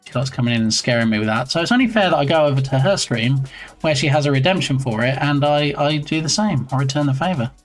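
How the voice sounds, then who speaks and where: A man's voice: mid-range voice, lively intonation, fast talker, soft background music. A man chatting casually on his game development live stream, playful and reading viewer messages aloud.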